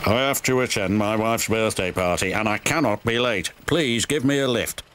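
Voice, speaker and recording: A man's voice: fairly low pitch, moderate pace, a bit bright, a little hiss or hum, lightly acted. A man voicing a fussy, flustered railway boss. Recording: studio narration with music behind.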